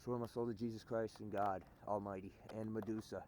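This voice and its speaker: Rambling male vlogger, lowish voice, repeats himself and swears oaths, noisy outdoor recording. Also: little pitch movement, fairly quick. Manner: repetitive, swears oaths, restarts often. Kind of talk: rambling storytelling. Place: outdoors in snow.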